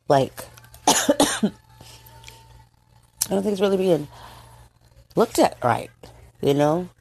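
A middle-aged woman from the United States, hosting a casual monologue, speaking emotionally and haltingly with many fillers and restarts, tearful. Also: low-pitched, dark tone. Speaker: host. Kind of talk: casual monologue on current events.

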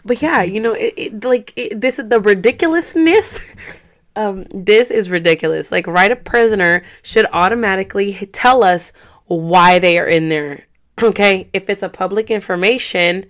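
A woman's voice: medium pitch, moderate pace. A woman in her thirties ranting to her viewers in a casual vlog, frustrated and profane, slipping in Spanish words. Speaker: vlogger.

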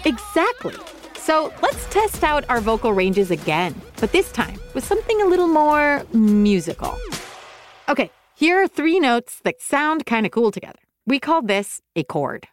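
A woman's voice: a little high, very animated, moderate pace, faint music behind. Upbeat lady teaching kids to sing, voice bounces all over, cheery to the folks at home. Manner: encouraging, talks to viewers at home. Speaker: music lesson host. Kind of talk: upbeat kids' music lesson.

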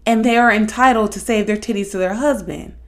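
A young woman hosting a podcast, talking in a blunt, profane, animated monologue. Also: mid-range voice, fairly quick. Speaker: podcast host. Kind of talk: casual monologue.

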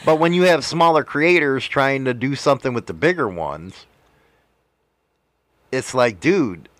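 A man's voice: mid-range voice, normal speed, fairly bright tone, no echo. A man hosting a casual podcast chat, talking emphatically and swearing freely. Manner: profane, emphatic storytelling. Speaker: podcast host and motovlogger.

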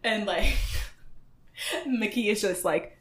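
A woman's voice: medium pitch, slow pace, reverberant. A young woman co-hosting a podcast, chatting casually and giggling as she recaps a TV show. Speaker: podcast co-host.

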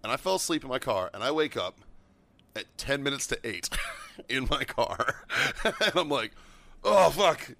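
A married man co-hosting a podcast, telling stories in lively casual chat with frequent laughter. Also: mid-range voice, moderate pace. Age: adult, married. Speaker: podcast co-host.

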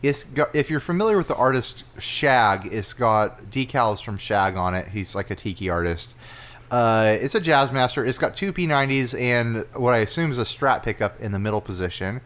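A man's voice: medium pitch, lively intonation, normal speed, a bit bright. Laid-back young man co-hosting a podcast. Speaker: podcast co-host. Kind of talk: casual chat.

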